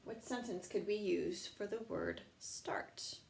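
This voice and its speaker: A woman teaching young children in an online lesson, slow and patient, sounding words out in a sing-song teacher voice. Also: medium pitch, huge pitch swings, vocal fry.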